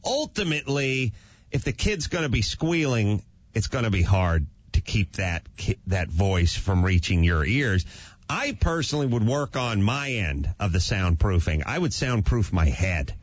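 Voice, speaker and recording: A man's voice: on the low side, very animated, measured pace, slightly rough, dry recording. Man, radio show host, playful crude joker, close dry mic, muffled broadcast quality. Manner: joking, riffs on crude gags. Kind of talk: casual radio banter. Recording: dull lo-fi radio sound.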